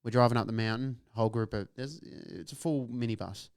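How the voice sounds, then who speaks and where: Smooth-voiced man telling a story. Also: mid-range voice, a little fast, no echo, clean studio sound. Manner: animated, swears freely. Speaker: podcast host. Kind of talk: casual storytelling.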